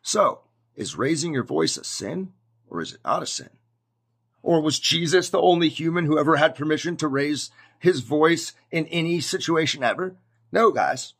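Male preacher, casual sermon, gravelly and slightly husky, fairly high voice, animated delivery. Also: moderate pace. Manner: conversational, animated, acts out shouted scenes.

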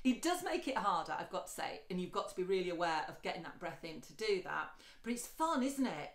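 A woman's voice: big pitch swings, a little fast, reverberant, soft background music. A woman teaching singing, chatty and encouraging, talking straight to the viewer. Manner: switches between speech and light, high sung lines. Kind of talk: singing lesson with sung demonstrations.

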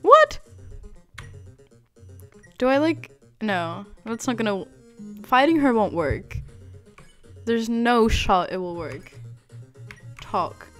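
A young woman giving excited, chatty commentary while streaming a video game for the first time. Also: on the high side, takes it slowly, long pauses. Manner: excitable, exclaims and laughs a lot. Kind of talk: casual live gameplay commentary. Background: faint game music.

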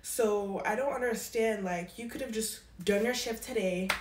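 A woman's voice: moderate pace, roomy sound, noisy background. A young woman telling a casual storytime about a past job, acting out what people said with big jumps in her voice. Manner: animated, quoting people with lively pitch jumps. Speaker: storyteller vlogger.

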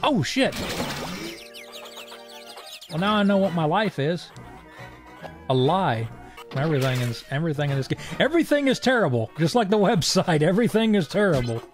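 A man's voice: fairly high pitch, sing-song, normal speed, pauses often, soft background music. A young man streaming a video game, delivering sarcastic, profane, wisecracking commentary as he plays. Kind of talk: let's-play commentary.

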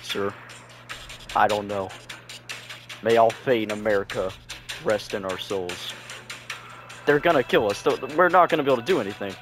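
A man voicing a grave American commander in a game roleplay. He speaks low and muttering. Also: normal speed, long pauses, music in the background, close to an everyday voice.

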